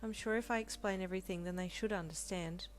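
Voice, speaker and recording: A woman voicing a gentle young hero husband. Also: mid-range voice, fairly even intonation, quick pace, close to an everyday voice. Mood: reassuring. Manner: soft, reassuring, worried. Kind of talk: audio fanfiction role-play.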